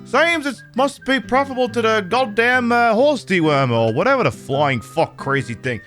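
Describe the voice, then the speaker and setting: A man putting on a pompous, mock-formal British gentleman accent. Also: high-pitched, lively intonation, normal speed, faint music behind, voice pushed up. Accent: British impression.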